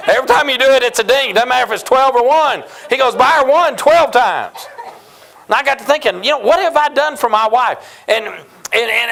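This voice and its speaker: A man's voice: very high voice, creaky, a bit bright. A man in his fifties from New Mexico, preaching a sermon as a pastor, telling folksy, humorous stories. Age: 50s.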